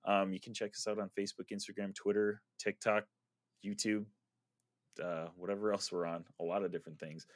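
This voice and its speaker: A man's voice: fairly low pitch, level tone, brisk, no echo, clean studio sound. A man hosting a casual podcast chat, upbeat as he wraps up with sign-off plugs. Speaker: podcast host.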